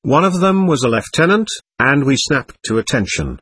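Guy reading an audiobook in first person, husky voice, lively pitch, dry close sound. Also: no room sound. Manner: measured, vivid storytelling. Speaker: audiobook narrator.

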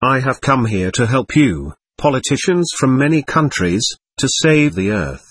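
A man voicing a small, friendly male alien who lectures earnestly in a string of questions, in a husky voice. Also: medium pitch, very animated, unhurried, fairly bright tone, no echo, full character voice.

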